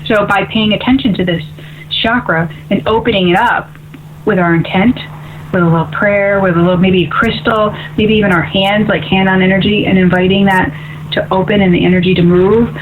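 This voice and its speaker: A woman's voice: medium pitch, fairly even intonation, brisk, a little hiss or hum. A woman hosting a call-in spiritual radio show as an intuitive medium, talking in an upbeat, chatty way and often asking "right?". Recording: tinny phone-like radio audio.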